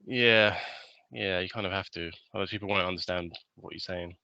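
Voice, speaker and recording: A young British man with a deep voice and vocal fry co-hosts a podcast, speaking briskly in British English. He chats casually and tells animated stories, doing little impressions of people. The recording is lo-fi with no room sound.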